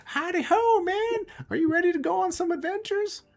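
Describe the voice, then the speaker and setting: Super high squeaky cartoon glove mascot, chirpy little showman. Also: moderate pace, gravelly, soft background music. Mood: chipper. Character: peppy cartoon glove mascot, male, small, cheery.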